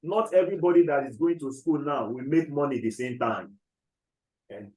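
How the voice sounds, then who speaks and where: A man's voice: medium pitch, darkish tone, reverberant, low-quality recording. A man teaching chemistry in a classroom, dictating notes and often checking whether the class follows. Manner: repeats key phrases slowly, checks understanding often.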